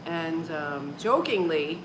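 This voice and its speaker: A woman's voice: low voice, lively intonation, slow pace. A woman in her forties hosting a casual livestream from home, chatting with viewers, laughing often and filling with "like" and "um". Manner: chatty, laughs often, uses many fillers. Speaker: livestream host. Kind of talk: casual live-stream chat with viewers. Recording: clear background noise.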